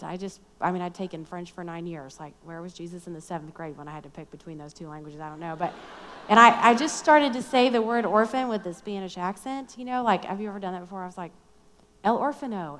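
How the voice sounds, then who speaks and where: A woman's voice: fairly low pitch, quick pace. A middle-aged woman telling a personal story in a chatty, self-deprecating way at a Christian conference. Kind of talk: storytelling sermon talk. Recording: long hall reverb.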